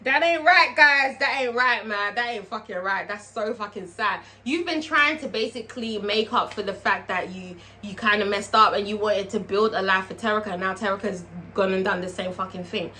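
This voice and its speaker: A woman recapping a TV episode in a casual vlog, profane and animated, talking straight to her viewers. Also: medium pitch, normal speed, few pauses, a little hiss or hum. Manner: profane, animated, chatty, asks viewers questions. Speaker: TV show reviewer.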